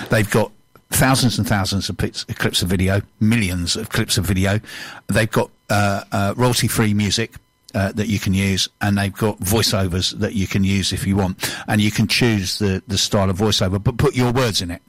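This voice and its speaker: Brief: older English host, low voice, dry close sound, rambling anecdotes. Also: male voice, steady tone, normal speed, no echo. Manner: rambling storyteller with repeated restarts. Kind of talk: casual chat.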